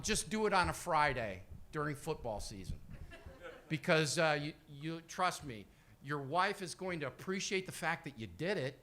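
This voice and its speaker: A man's voice: on the high side, sharp tone. A man in his fifties doing rambling, profane, self-deprecating stand-up storytelling. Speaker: comedian.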